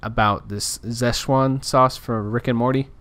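A man's voice: medium pitch, steady tone, a little slow, a bit bright. A man talking in a casual, rambling rant, frustrated and full of restarts. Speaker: podcaster. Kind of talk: casual ranting monologue.

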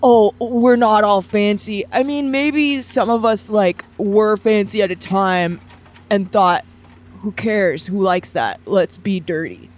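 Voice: mid-range voice, slow, lightly acted. A performer as a gossipy caged circus animal. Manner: chatty, gossipy and dramatic.

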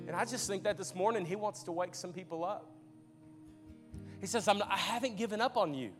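Young male pastor, high voice, earnest testimony with faint guitar behind. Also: normal speed. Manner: earnest storytelling, repeats and restarts when emotional. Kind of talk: sermon with personal testimony. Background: faint guitar music.

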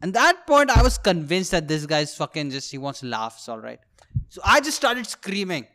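A young man with an Indian English accent, a podcast host and aspiring comedian who tells a story in a comedic monologue. He is animated, swears freely and laughs at his own jokes. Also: fairly high pitch, normal speed.

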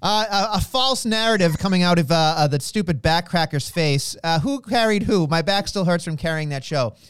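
A man's voice: high-pitched, expressive, brisk, a bit bright, clean tone, no room sound, studio quality. A man co-hosting a wrestling podcast, rambling and joking in a mock-indignant way. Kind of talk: casual chat.

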